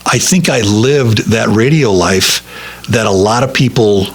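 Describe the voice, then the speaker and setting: A middle-aged radio broadcaster with a voice on the low side and a breathy edge shares stories from his career. It's a casual interview, and he rambles with many halting restarts.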